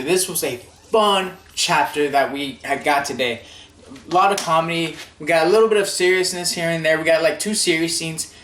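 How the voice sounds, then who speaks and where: A young man chats loosely about a comic chapter, his voice sitting a little high. He rambles with lots of fillers and laughs. The room around him rings with echo. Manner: excited and rambling, laughs often, many fillers and restarts. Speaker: manga review vlogger. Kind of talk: casual spoken review.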